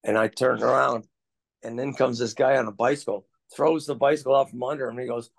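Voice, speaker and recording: A man's voice: medium pitch, steady tone, fairly quick, vocal fry. A man in his sixties, a retired motorcycle stunt rider, casually reminiscing in a folksy storytelling way. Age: 60s. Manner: folksy storyteller, laughs at his own tales.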